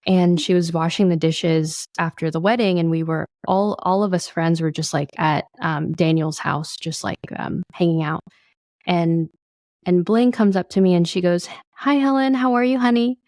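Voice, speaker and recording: A woman's voice: fairly low pitch, fairly even intonation, normal speed, darkish tone, no echo, studio quality. A woman podcast host sharing a story of her own and drawing out her guest, nodding along with frequent affirmations. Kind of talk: conversational interview hosting.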